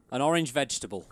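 A man co-hosting a casual podcast, reading out silly quiz answers and laughing often. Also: mid-range voice. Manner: laughs often, reads quiz lines with mock host and contestant voices. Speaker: podcast co-host.

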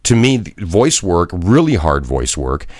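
A man's voice: low-pitched, big pitch swings, a little slow, no echo, clean studio sound. A middle-aged man and former broadcaster, co-hosting a podcast in casual chat with blunt, profane rants. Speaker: podcast co-host.

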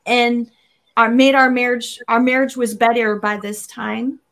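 A woman's voice: fairly high pitch, flat delivery, measured pace, a bit bright. An adult woman sharing a personal faith testimony in an interview, earnest and vivid, acting out her own past words as she goes. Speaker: interview guest.

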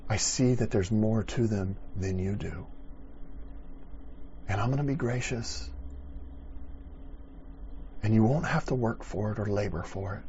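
A middle-aged man preaching a sermon, conversational and playful, rising to loud dramatic bursts. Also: fairly low pitch, unhurried, long pauses, lo-fi sound, a little hiss or hum. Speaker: pastor.

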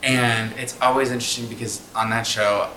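A man's voice: medium pitch, steady tone, fairly quick, bright, forceful tone, a little hiss or hum. A man co-hosting a podcast, rambling casually and thinking aloud with many restarts. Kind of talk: casual chat. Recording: echoey room.

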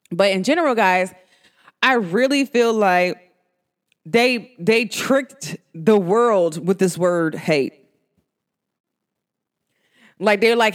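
Podcast host, woman, New York–New Jersey accent, casual and emphatic, slangy monologue with wide pitch swings. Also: lively intonation, slow pace, pauses often.

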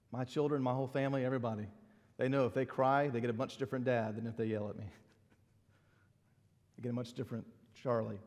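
Animated preaching man in a reverberant hall. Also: mid-range voice. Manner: animated, conversational preaching with asides. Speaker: pastor. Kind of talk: sermon.

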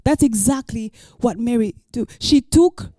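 Bright-voiced woman pastor preaching. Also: on the high side, measured pace, no echo, studio quality. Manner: emphatic, repeats key lines. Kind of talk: sermon.

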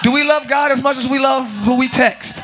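A man preaching a lively sermon as pastor to a congregation, joking and calling out to them. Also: extremely high pitch, brisk, crowd noise, noisy background. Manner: shouting, joking, calls to the congregation. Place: large church with congregation.

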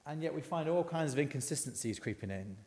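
A man's voice: a little high, lively intonation, quick pace, darkish tone, long reverb tail. A man giving a conversational sermon, asking the congregation questions as he goes. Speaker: preacher. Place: church.

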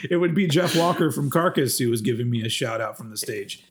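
A man from Texas co-hosts a podcast, chatting casually in a rambling, self-mocking way. His voice is mid-range at a normal speed, with slight background noise.

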